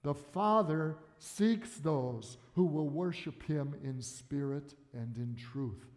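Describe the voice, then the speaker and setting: An older man preaching a sermon as pastor, animated, bursting into loud exclamations. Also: on the high side, takes it slowly. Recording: long hall reverb.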